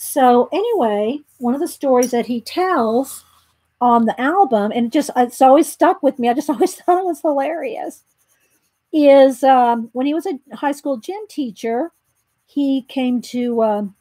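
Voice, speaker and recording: A high, bright-pitched woman with a drawl talks casually as she works on a drawing. She rambles and restarts her sentences, filling the pauses with ums. The recording is close and dry, with no room sound. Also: no room sound. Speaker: art tutorial host. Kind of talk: casual chat while drawing.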